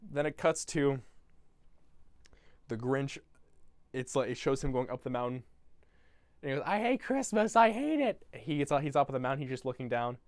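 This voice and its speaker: A man's voice: medium pitch, fairly even intonation, normal speed, pauses often, no echo. A young man rambling through a comedic movie recap in a loose, crude, casual way. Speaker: YouTuber.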